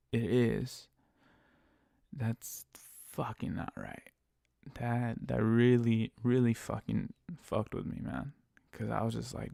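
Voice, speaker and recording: A young man with a gravelly, dark voice rants bluntly about his rideshare passengers, full of swearing. The sound is close and dry, with no room around it. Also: medium pitch, no room sound. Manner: profane, blunt, ranting. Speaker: rideshare driver. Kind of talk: casual podcast monologue.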